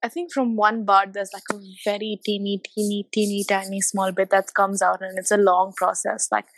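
A woman's voice: mid-range voice, flat delivery, moderate pace, fairly bright tone, dry recording. A woman talking in a casual podcast chat, giggly and hesitant, often trailing off.

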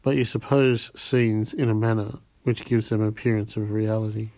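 A man's voice: on the low side, flat delivery, normal speed, dark tone, no room sound, natural voice. A man reading as a frightened, fainting lady. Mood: strained.

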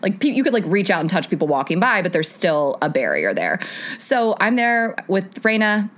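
Woman co-host, mid pitch, very lively intonation, chatty laughing storyteller. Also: normal speed. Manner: animated storyteller, laughing often. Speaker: podcast co-host. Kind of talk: casual chat.

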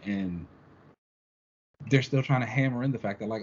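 A man's voice: on the low side, normal speed, pauses often, husky. Lo-fi chatty man recapping a comic. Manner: animated, acts out characters' quotes, frequent "like". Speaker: comic book podcast co-host. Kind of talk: casual chat recapping a comic. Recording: dull lo-fi sound with faint noise.

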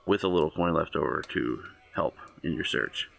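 A man narrating as game master of a tabletop role-playing game, laying out the options and rules in a measured, plain way. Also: a bass voice, creaky, a bit bright.

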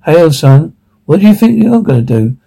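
An actor playing a brutal man who taunts and threatens a beaten rival, with a gravelly, menacing voice in a film drama. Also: fairly high pitch, sing-song, moderate pace, dark tone, heavily acted, poor audio.

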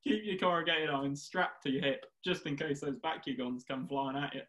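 A man's voice: a little high, brisk, a bit bright, rough recording. A young man, joking and rambling in a casual chat with a friend and laughing often.

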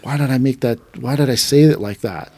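A man's voice: mid-range voice, brisk, breathy edge, no room sound. A man who teaches at a martial arts dojo, telling stories casually on a podcast and acting out the voices of his teacher and students. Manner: animated, acts out quotes of his teacher and students. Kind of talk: casual storytelling chat.

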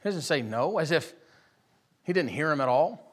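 Impassioned high-voiced male preacher. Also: animated, normal speed. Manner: swings from quiet storytelling to loud impassioned preaching. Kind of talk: sermon. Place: church hall with live congregation.

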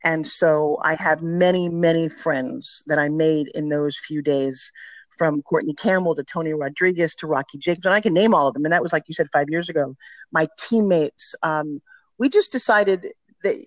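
A woman's voice: sits low, normal speed, no echo. A middle-aged woman telling candid stories as a podcast guest, talking with energy and emphasis. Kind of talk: podcast interview storytelling.

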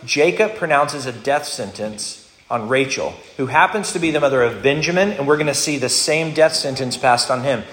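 Male pastor, expository sermon, slightly high voice, conversational, roomy echo. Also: moderate pace, fairly bright tone. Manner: conversational teaching, with repeated restarts. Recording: roomy hall echo, faint noise.

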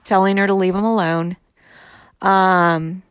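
A woman's voice: mid-range voice, fairly even intonation, measured pace, clear, resonant tone, dry recording, clean studio sound. A woman in her thirties telling a personal story candidly, in a conversational way with frequent fillers.

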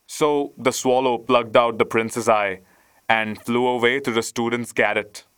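Slow, smooth-voiced male storyteller. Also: mid-range voice, fairly even intonation, fairly bright tone, no room sound. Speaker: narrator. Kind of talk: storybook reading.

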